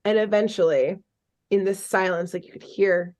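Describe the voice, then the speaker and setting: A young adult woman co-hosting a podcast, casually recapping a cartoon episode in an animated, chatty way and swearing freely. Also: medium pitch, normal speed. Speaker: podcast co-host.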